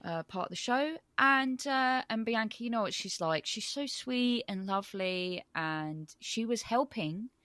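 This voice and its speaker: A woman's voice: on the high side, expressive, unhurried, few pauses, fairly bright tone, no room sound. A woman co-hosting a podcast in casual chat, rambling and gushing with many ums. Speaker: podcast co-host.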